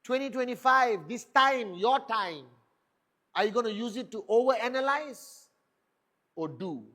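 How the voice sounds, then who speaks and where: Man, high pitch, motivational speaker, punchy rhetorical questions, emphatic. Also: lively intonation, a little slow, sharp tone. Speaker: network marketing leader giving a motivational talk. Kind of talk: motivational speech.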